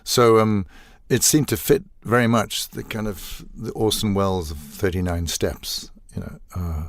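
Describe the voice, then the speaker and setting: Deep-voiced older man telling stories. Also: measured pace, no room sound, clean studio sound. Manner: animated storyteller, acts out quoted lines, laughs often. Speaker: voice actor guest. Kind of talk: casual interview chat.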